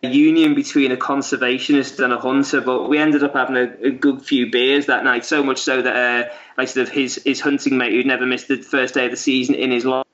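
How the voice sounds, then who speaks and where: Man, rambling casual storyteller, mid pitch, dull lo-fi audio. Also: little pitch movement, a little fast, hardly any pauses, fairly bright tone. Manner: rambling, with many fillers and restarts. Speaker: guest.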